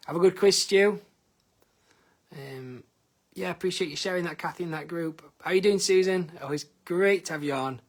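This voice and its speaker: A man's voice: high voice, moderate pace. A man, a singer-songwriter, chatting casually with viewers on a live stream from his living room, greeting people by name with plenty of ums. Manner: chatty, reads out viewer names, hesitant with many ums. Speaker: singer-songwriter and livestream host. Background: guitar.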